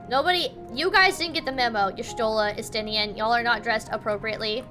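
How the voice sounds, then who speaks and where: A young woman streaming a game, chatting casually in an excitable, gushing way. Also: a little high, brisk, hardly any pauses, soft background music. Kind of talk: casual live-stream chat.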